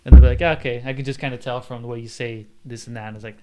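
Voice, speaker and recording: A young man co-hosting a podcast, chatting casually and haltingly. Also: medium pitch, steady tone, heavy background noise. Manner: hesitant, lots of fillers and restarts. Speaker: podcast co-host. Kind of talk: casual chat.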